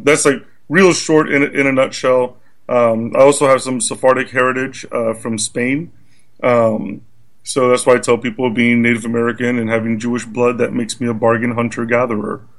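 A man answering interview questions on a radio show, easygoing and measured, with a dry joking streak. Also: medium pitch, fairly bright tone. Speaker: radio guest.

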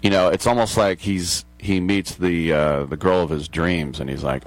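Sports radio host, male, middle-aged, deep voice, digressive and chatty, dry studio sound. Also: fairly even intonation, moderate pace, hardly any pauses, no room sound. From America. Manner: rambling, digressive, chuckling asides. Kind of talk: casual sports talk monologue.

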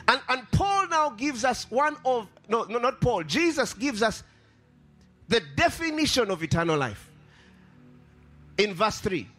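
A man preaching a sermon with impassioned, sing-song delivery, repeating his phrases and rising to shouts. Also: high voice, sing-song, measured pace, faint music behind.

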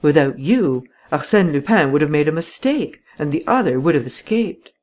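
A reader giving measured, dramatic first-person audiobook narration. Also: mid-range voice, expressive, darkish tone.

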